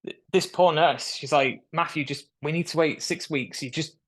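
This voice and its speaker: A young adult man, a guest on a video call, recounts his surgery in a casual storytelling interview. His voice is a little high and his speed normal, and he animatedly acts out the voices of the people involved.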